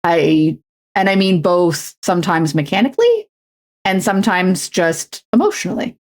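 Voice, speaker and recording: A woman's voice: on the low side, very animated, normal speed. A woman livestreaming, chatting casually while crafting, rambling and self-deprecating with frequent restarts.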